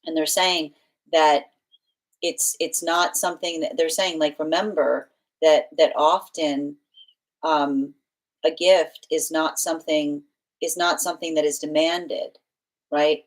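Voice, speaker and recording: A woman's voice: low-pitched, fairly even intonation, slow. A woman giving a live tarot reading in a casual, rambling way, laughing often and restarting her sentences. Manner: giggly, rambling, frequent restarts. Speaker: tarot reader.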